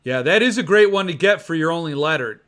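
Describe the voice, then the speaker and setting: Excitable bright-voiced male host. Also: on the high side, fast. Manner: excitable, rambling, gushing. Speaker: podcast host. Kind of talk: casual livestream chat about book collecting.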